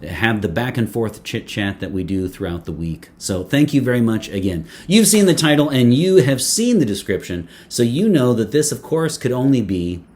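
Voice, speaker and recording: A man's voice: medium pitch, very animated, normal speed, few pauses, darkish tone. A man reviewing a fragrance in casual talk to camera, playful and chatty, with many fillers, restarts and joking asides.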